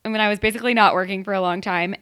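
A young adult woman in casual chat, talking in quick asides and laughing often. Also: medium pitch, fairly even intonation, a bit bright.

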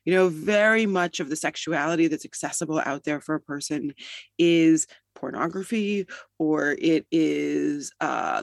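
A founder gives long, articulate answers in an interview, pausing on the odd filler. The voice sits at a middling pitch, and the recording is dry and close. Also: dry recording. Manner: articulate, explains at length with fillers. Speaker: guest, app founder.

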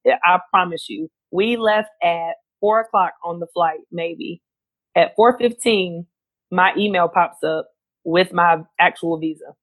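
A woman telling a story in casual chat, animated and quick, acting out what other people said. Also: on the low side, no room sound.

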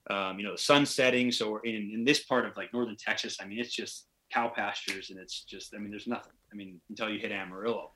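A man's voice: lowish voice, steady tone, quick pace, hardly any pauses, pushed and bright. A man telling a long, rambling story in a casual podcast chat, acting out the voices of the people he quotes. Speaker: podcast guest, pro hockey player.

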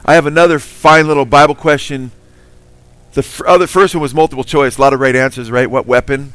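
A man's voice: medium pitch, steady tone, fairly quick, fairly bright tone, clean tone, no room sound. A man preaching a sermon, earnest and emphatic, quizzing his listeners with Bible trivia.

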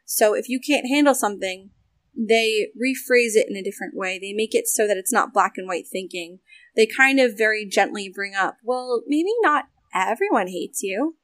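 A young woman speaking candidly as an interview guest, open and animated, often acting out what people say. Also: mid-range voice, moderate pace, no room sound. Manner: open, animated, acts out quoted voices. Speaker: game developer guest.

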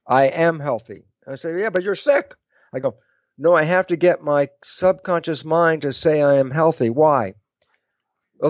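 A man explaining ideas in an interview, animated and acting out both sides of imagined conversations. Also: on the high side, no room sound, dull audio. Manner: lively, acts out both sides of imagined dialogues. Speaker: guest speaker.

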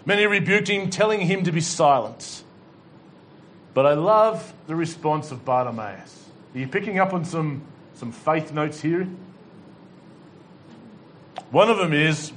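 A male pastor preaching a sermon to a congregation, fervent and exhorting, with dry humorous asides. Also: fairly high pitch. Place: church hall with congregation.

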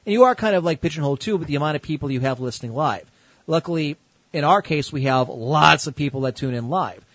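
A male host running a casual internet call-in show, chatting loosely and cracking crude jokes. His voice sits slightly high for a man and sounds very dry and close. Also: animated, quick pace, a bit bright, no room sound, low-quality recording. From United States. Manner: laid-back, joking, crude.

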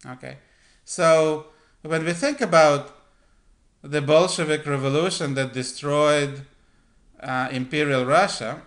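A man hosting a political commentary monologue, speaking deliberately with frequent pauses, fillers and throat-clearing. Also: a little high, steady tone, fairly bright tone.

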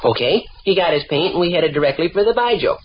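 An earnest young son, played by a man, lays out his story in a deadpan, long-winded way in a 1930s radio play. The old broadcast is dull and muffled. Faint hiss sits under his voice. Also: fairly high pitch, quick pace, close to an everyday voice.

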